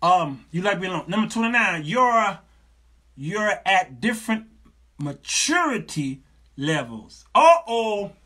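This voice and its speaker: A husky, bright-toned man. He hosts a live show off the cuff, swinging his pitch high and low as he plays out every voice in his stories himself. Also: unhurried. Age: 50s. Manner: animated, acts out both sides of stories in raised voices. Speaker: show host. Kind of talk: live call-in talk show.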